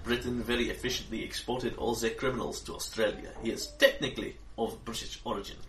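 A man voicing a fussy, polite male Academy scientist, speaking in halting, stiff, formal phrases. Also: mid-range voice, steady tone, a bit bright, natural voice. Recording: echoey room, distant mic, faint noise.

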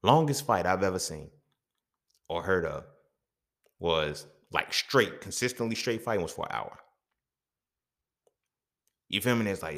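A man's voice: low voice, lively intonation, measured pace, long pauses, a bit bright. A man hosting a podcast, talking in a casual, profane monologue full of rhetorical questions. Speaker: podcast host.

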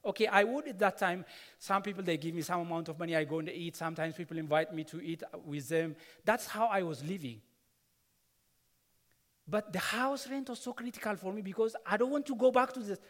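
A man's voice: high-pitched, brisk. A man preaching a sermon, telling a personal story earnestly, repeating words and adding asides. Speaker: pastor. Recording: long hall reverb.

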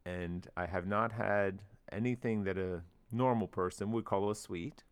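A man speaking as a guest on a podcast, easygoing and measured. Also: on the low side, clean tone. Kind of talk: casual podcast interview.

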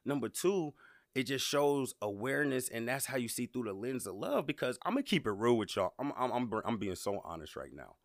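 A man's voice: mid-range voice, very animated, fairly quick, dry recording, studio quality. A man from Georgia, hosting a podcast and telling a story to his listeners in a casual, conversational way. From Georgia, USA. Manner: conversational, repeats words, addresses listeners directly. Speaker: podcast host.

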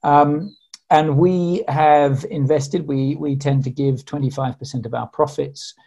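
Middle-aged man, genial investor on a call, husky and gravelly. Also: on the high side, fairly even intonation, unhurried, dark tone, poor audio. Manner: genial, self-deprecating, with fillers. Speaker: investor panelist. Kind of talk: self-introduction on a video call. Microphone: video call.

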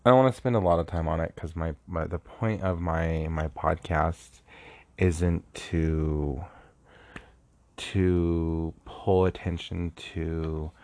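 A young man with a low voice muses on his podcast in an unhurried, rambling way, circling back to restart his thoughts. He sounds earnest and reflective, like someone who hasn't slept. The recording is close and dry. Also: fairly even intonation, a little mellow, dry recording. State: sleepless, recording early in the morning. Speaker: podcast host. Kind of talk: casual solo podcast monologue.

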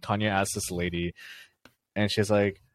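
A man co-hosting a podcast in casual chat, telling stories in a relaxed way with lots of fillers. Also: on the low side, unhurried, no echo. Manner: relaxed storyteller with many fillers. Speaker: podcast co-host.

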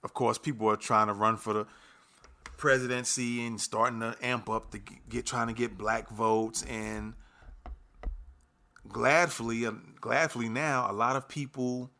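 A man's voice: medium pitch, fairly even intonation, a little slow, bright, forceful tone. A man hosting a podcast, giving solo political commentary in a loose delivery full of ums and uhs. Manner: loose, filler-heavy delivery. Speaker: podcast host.

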